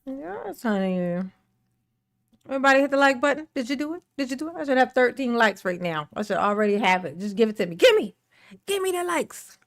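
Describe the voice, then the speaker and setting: A woman's voice: fairly high pitch, fast talker. Chatty woman hosting a livestream. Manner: chatty, greets viewers by name, laughs often; animated ranting. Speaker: livestream host. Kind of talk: casual livestream chat.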